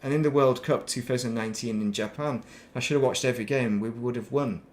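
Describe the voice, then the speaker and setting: A man's voice: mid-range voice, fast. Middle-aged guy, faint northern english accent, rambly laid-back game stream chat, laughs at himself. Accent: northern English, softened. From northern England. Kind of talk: casual chat while playing.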